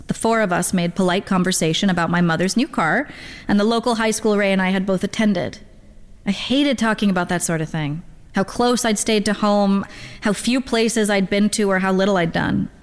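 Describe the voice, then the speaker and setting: A woman reading a literary first-person story aloud in a measured, wry storytelling manner. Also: medium pitch. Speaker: narrator. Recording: long hall reverb.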